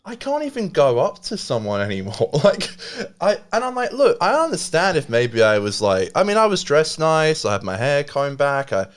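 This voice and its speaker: Man, twenties, podcast co-host; animated, rambling, swears a lot, wears his feelings openly. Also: fairly high pitch, normal speed, few pauses, clean tone. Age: 20s. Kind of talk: casual comedic storytelling.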